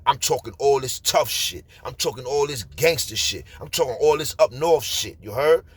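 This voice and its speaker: A man in his forties with a New York accent, telling street stories in a casual, animated way. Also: medium pitch, moderate pace, slightly rough. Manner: streetwise, animated, repeats "you heard?". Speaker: storyteller. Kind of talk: casual storytelling.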